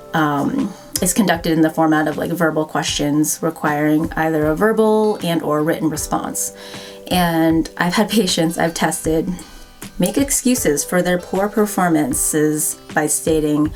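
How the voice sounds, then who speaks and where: A woman in her thirties speaks straight to the camera in a relaxed, conversational vlog style. Her voice sits a little low, and she sounds wry, leaning on "like" fillers as she talks. Faint music plays quietly underneath. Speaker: vlogger. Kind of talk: casual talking-to-camera vlog.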